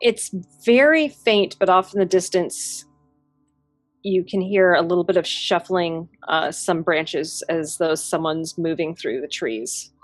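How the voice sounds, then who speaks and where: A woman running a tabletop game as game master, narrating in a relaxed, chatty way and laughing often. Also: lowish voice, unhurried, no echo, faint music behind.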